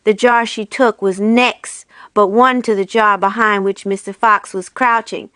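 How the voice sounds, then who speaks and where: Storybook reader, woman; steady, smooth narration, dry close sound. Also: mid-range voice, a little slow, no echo. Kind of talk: reading a children's book aloud.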